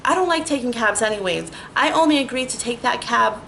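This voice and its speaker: A woman's voice: on the high side, brisk, vocal fry, a little hiss or hum, poor audio. Lady ranting about her day, lots of likes, cusses a bunch, kinda fired up. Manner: animated, heavy 'like' fillers, swears freely. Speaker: storyteller. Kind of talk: casual storytime rant.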